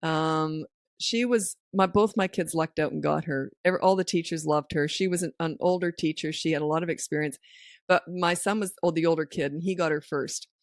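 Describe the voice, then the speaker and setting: A woman's voice: sits low, fairly quick, no room sound, studio quality. A middle-aged woman hosting a parenting podcast, giving down-to-earth advice and telling stories that act out what people said. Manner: anecdotal, down-to-earth, acts out quoted lines. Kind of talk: casual advice chat.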